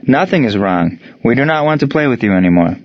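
A man voicing a proud German prisoner of war who speaks in stiff, formal, measured phrases. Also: medium pitch, animated, creaky, no echo. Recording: dry, dull lo-fi sound.

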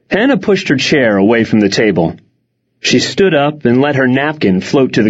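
A man reading first-person audiobook narration in a wry, expressive way. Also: medium pitch, normal speed, breathy edge. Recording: dull lo-fi recording.

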